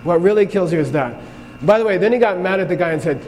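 Fairly high-voiced man lecturing in a hall. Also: animated, quick pace, darkish tone. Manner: conversational, keeps checking in with the class. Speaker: Buddhist teacher. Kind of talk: classroom lecture with anecdotes. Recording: long hall reverb, faint ambience.

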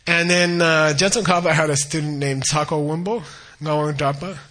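A man telling a teaching story in a casual, animated, rambling way with many fillers. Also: on the high side, normal speed.

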